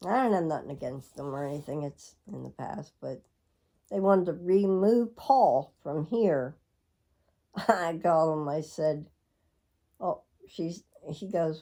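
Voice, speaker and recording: Middle-aged woman telling a personal story, slow and reflective, warm low voice. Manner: rambling, reflective, with frequent laughs. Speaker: vlogger.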